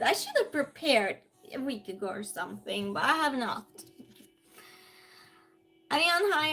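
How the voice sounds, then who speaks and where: A woman with a high, light voice speaks at a slow, easy pace. She hosts a casual live-stream game night, chatting, laughing often and greeting each viewer by name. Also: gravelly, a bit bright. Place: at home by a desk lamp.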